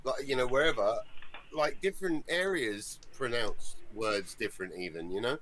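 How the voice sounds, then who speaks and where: Male guest, mid pitch, loose rambling casual talk. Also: moderate pace, a bit bright, slight background noise, poor audio. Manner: rambling, full of fillers and restarts. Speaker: stream guest. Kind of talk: casual conversation.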